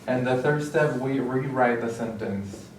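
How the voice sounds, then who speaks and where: In a recorded lesson, a male Spanish tutor explains grammar step by step, often checking in with "okay?". His mid-range voice is a little slow, picked up by a distant mic in an echoey room with faint hiss.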